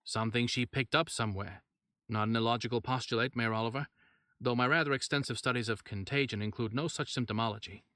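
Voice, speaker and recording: A man doing a precise, measured scientist. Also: mid-range voice, steady tone, sharp tone, dry recording, clean studio sound, lightly acted. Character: male scientist, clinical and curious.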